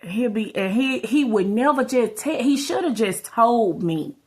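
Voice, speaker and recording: A woman's voice: fairly high pitch, lively intonation, measured pace, a little mellow, breathy edge. A woman tells her story to camera in a loose, rambling way. She keeps turning to her viewers with "y'all" and "you know what I'm saying." Her talk is casual and unscripted. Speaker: vlogger.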